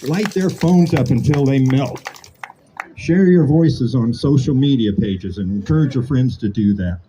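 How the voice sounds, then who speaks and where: In his late sixties, a man gives an impassioned rally speech outdoors, building his points with a repetitive rhetorical cadence. His mid-range voice is warm and a little slow, captured on a low-quality recording with a little hiss or hum.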